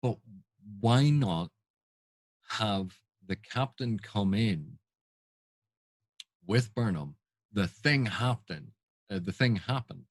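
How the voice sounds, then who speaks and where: A man with a low, husky voice gives unscripted reaction commentary. He is exasperated and asks pointed rhetorical questions. The recording is dry and close. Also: takes it slowly, pauses often, dry recording. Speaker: film and TV critic.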